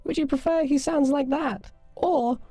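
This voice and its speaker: A man voicing a tiny puppet through a pitch changer that pushes his voice very high and playful. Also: measured pace, warm tone, no room sound, soft background music. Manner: playful voice demo.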